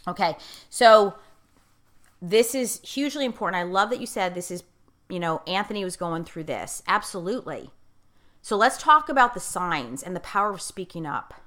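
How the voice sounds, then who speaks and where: A woman life coach talks casually and emphatically, repeating key phrases for stress and describing herself as an outspoken, in-your-face talker. Her voice is lowish and fairly bright, animated and at a moderate pace.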